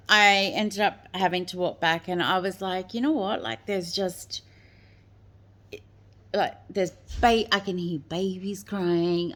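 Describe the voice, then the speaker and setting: A woman's voice: mid-range voice, a bit bright. A woman hosting her own show, telling a personal story casually, full of "like" and "you know" fillers. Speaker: host.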